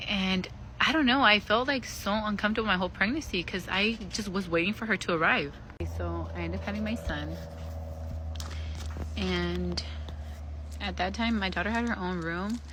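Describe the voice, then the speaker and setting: Bright-voiced woman telling a story casually. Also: fairly low pitch, a little hiss or hum, low-quality recording. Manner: candid and profane, with many fillers.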